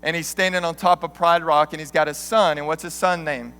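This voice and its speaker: A man in his thirties preaching a sermon as an animated, joking storyteller. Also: on the high side, brisk, clean tone. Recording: long hall reverb.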